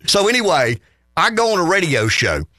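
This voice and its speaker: A man with a Southern US accent, co-hosting a radio show and telling stories in a casual, animated way, chuckling often. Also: high voice, normal speed, no echo, studio quality. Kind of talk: casual radio talk, storytelling.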